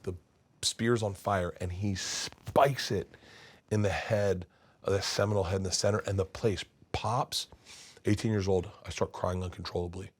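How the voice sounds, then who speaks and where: A man in his fifties, a comedian guest, telling a long story in an interview and acting out the other people in it. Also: deep voice. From United States. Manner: animated storyteller, acts out quoted voices.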